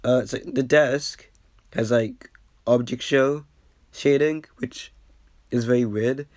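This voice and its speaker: A man's voice: mid-range voice, fairly even intonation, slow pace, no echo. A man who is a bit under the weather talks through his old video in loose, rambling commentary. He restarts sentences and keeps poking fun at himself. His mid-range voice sits in a dry, close recording with no room sound. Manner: rambling, lots of fillers and restarts, self-deprecating. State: a bit sick. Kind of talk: casual commentary.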